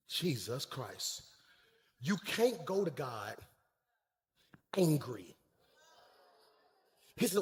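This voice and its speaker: A man preaching a sermon as pastor, swinging between shouted calls and quiet, hushed storytelling. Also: high voice, lively intonation, slow pace, long pauses, in a large hall. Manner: preaching in Black church style, shouting and dropping to a hush.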